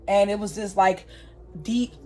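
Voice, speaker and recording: A woman's voice: medium pitch, fairly even intonation, unhurried, mellow, slight background noise. A woman casually recapping a TV episode, retelling scenes by quoting the characters and talking straight to her viewers.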